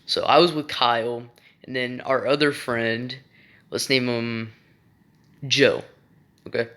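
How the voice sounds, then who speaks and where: A young man tells a story at an unhurried, slow pace in a bright, smooth voice. He rambles and swears freely. His sentences are full of fillers and restarts. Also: medium pitch, fairly even intonation. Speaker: vlogger. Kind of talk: casual storytime.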